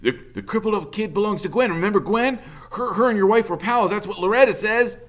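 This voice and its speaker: A man voicing a nervous male accomplice who stammers and rushes his words. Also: lively intonation, fairly bright tone. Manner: stammering, fast and high.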